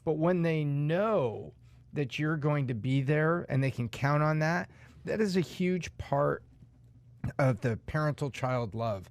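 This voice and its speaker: Male co-host, slightly raised pitch, gravelly, earnest explaining, dry sound. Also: animated, takes it slowly, no room sound. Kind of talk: casual chat.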